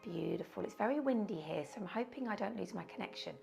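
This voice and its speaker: Gravelly-voiced woman guiding a calm yoga class. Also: mid-range voice, faint music behind. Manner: slow soothing guidance with audible sighs. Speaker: yoga teacher. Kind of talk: guided yoga class instruction. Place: indoors, windy weather outside.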